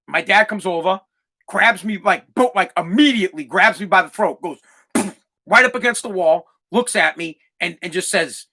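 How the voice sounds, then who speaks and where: Male podcast host in his thirties, high and bright voice, blunt, profane storyteller. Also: expressive, moderate pace. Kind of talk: ranting monologue.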